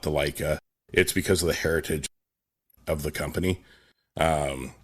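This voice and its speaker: Deep-voiced podcast host, relaxed. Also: male voice. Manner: relaxed, conversational, with filler ums. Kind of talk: casual interview conversation.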